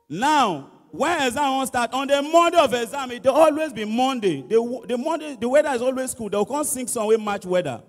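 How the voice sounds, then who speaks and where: A Nigerian man tells stand-up comedy with lively, animated delivery in a very high voice. His voice rings out with a long echo through a large church hall. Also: fairly quick, hardly any pauses, faint music behind. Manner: animated, mimics school songs and shouts. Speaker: comedian contestant. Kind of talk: stand-up comedy in Pidgin and English.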